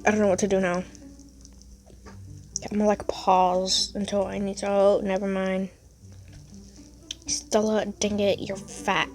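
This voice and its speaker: A woman's voice: mid-range voice, completely flat delivery, unhurried, long pauses, a little mellow. A woman casually commenting on a game she is playing, chatty, and cooing at and scolding her pet dog along the way. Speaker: gaming vlogger.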